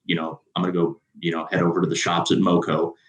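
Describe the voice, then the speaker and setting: Deep-voiced man from Chicago, roomy sound. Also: completely flat delivery, fast talker, muffled recording. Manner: rambling, many fillers and restarts. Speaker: podcast host. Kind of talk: casual podcast chat.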